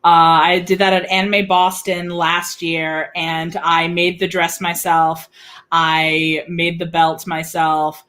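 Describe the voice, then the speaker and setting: A young woman chatting casually in an interview, bubbly and giggly with quick asides. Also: lowish voice, little pitch movement, fairly bright tone. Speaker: game master.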